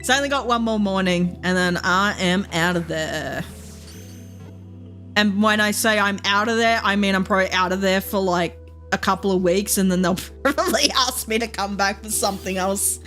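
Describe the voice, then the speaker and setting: A woman's voice: medium pitch, moderate pace, fairly bright tone, faint music behind. A young woman from Queensland with an Australian accent, chatting casually on a live stream, rambling with lots of fillers and frequent giggles.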